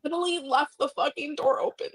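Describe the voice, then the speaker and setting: A woman's voice: high-pitched, fairly even intonation, a little fast, no room sound. A woman vlogging about a lost pet in a dramatic, swearing way. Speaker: vlogger in clip. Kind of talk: emotional vlog storytelling.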